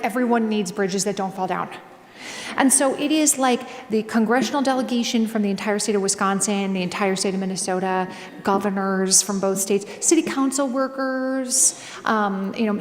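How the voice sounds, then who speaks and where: A woman author telling a story to a live audience in a casual, animated way, full of fillers. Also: on the high side. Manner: chatty and animated, with many fillers. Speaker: author and guest speaker. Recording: echoey hall, faint ambience.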